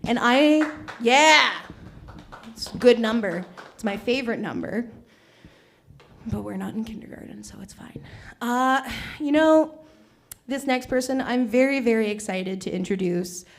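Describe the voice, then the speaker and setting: A woman's voice: fairly high pitch, a little slow. Bubbly young woman hosting an open mic. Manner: bubbly, chatty, teasing the crowd. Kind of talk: live stand-up hosting. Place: small comedy stage.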